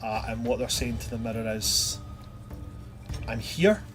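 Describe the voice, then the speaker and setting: A man's voice: on the low side, monotone, fairly quick, music in the background. A man narrating a tabletop game as game master, chatty and loose. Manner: chatty, loose, many fillers.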